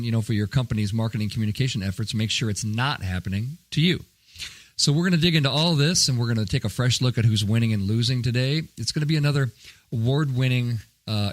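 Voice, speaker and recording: A man's voice: mid-range voice, no echo. A man hosting a podcast, chatting in an upbeat, jokey way with frequent fillers. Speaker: podcast host. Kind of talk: casual podcast talk.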